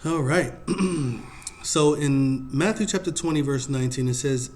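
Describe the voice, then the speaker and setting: A man teaching a Bible study in a casual, unhurried way, reading verses aloud and pausing often to think. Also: a little high, a little mellow, slight background noise.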